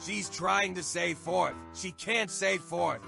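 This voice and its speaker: Sarcastic gravelly man teasing. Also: high-pitched, takes it slowly, bright, forceful tone, soft background music. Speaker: podcast co-host. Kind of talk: comedic banter.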